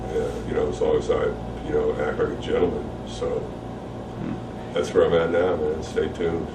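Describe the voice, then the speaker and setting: Very deep middle-aged man in a candid interview, relaxed and rambling, recorded far off in an echoey room. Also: moderate pace. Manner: relaxed, rambling, frequent fillers and repeated words. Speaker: interview guest, retired wrestler. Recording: roomy echo, distant mic, faint hum.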